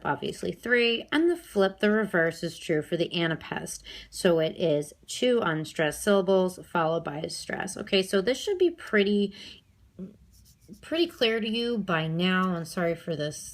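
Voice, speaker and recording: A woman's voice: lowish voice, fairly bright tone. A woman teacher giving a recorded review lesson, explaining step by step with frequent fillers and "okay?" check-ins.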